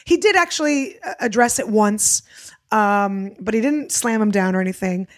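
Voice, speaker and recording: A woman's voice: mid-range voice, normal speed. A woman comedian co-hosting a casual podcast, telling stories and acting out people's voices. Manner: animated storyteller, acts out voices. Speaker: comedian co-host.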